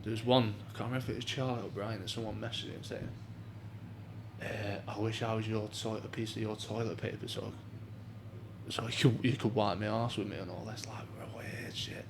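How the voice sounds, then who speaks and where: A man's voice: fairly low pitch, steady tone, brisk, vocal fry. Young manchester bloke yapping about his life, loads of "like", bit of room hum behind. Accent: Mancunian. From England. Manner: chatty storytelling, swears, many "like" fillers. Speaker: professional boxer guest. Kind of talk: casual chat.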